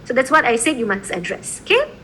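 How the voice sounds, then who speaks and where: A faint hiss runs under this poor-quality recording of a woman teaching law. Her voice is a bit high and ranges widely in pitch, and she keeps the lecture lively with quick "okay?" and "right?" checks to her students.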